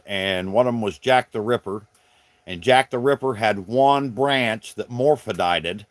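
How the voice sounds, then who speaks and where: Hosting a livestream, this middle-aged man from South Carolina speaks in a fairly low voice with a Southern accent, and there's no echo. He rambles folksily, chatting casually with his viewers.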